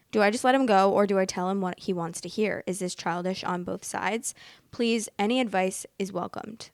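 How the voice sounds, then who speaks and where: A young woman hosts a storytime show, reading stories aloud and then reacting in expressive, exasperated asides. Her voice sits in a middle pitch. The sound is dry and close, with no room around it. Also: dry recording. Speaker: host.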